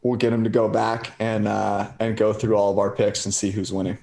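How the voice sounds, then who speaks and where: Low-voiced relaxed man chatting. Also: fairly quick, gravelly. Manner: relaxed, conversational, asks questions. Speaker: podcast co-host. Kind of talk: casual chat.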